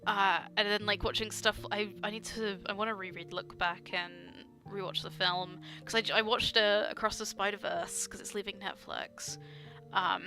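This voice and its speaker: A woman's voice: medium pitch, fairly even intonation, moderate pace, music in the background. A young woman chatting casually while drawing on stream, rambling with many fillers and frequent laughs, gushing about art. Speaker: artist streamer.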